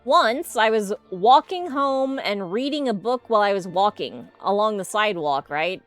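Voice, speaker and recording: A woman's voice: mid-range voice, expressive, moderate pace, a bit bright, faint music behind. A young adult woman streaming a game live, chatting casually, laughing often and telling rambling stories. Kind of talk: casual live gameplay commentary.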